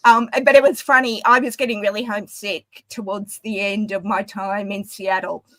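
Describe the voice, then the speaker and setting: A woman's voice: mid-range voice, fairly even intonation, moderate pace, a bit bright, dry recording, poor audio. A woman with an Australian accent, chatting casually and rambling with frequent laughs. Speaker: panel guest. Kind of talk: casual chat.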